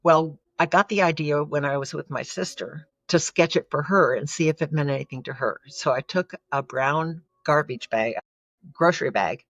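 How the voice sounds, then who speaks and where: A woman's voice: deep voice, moderate pace, no room sound. A woman giving an earnest, emotional personal testimony as a guest in an interview. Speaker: podcast guest.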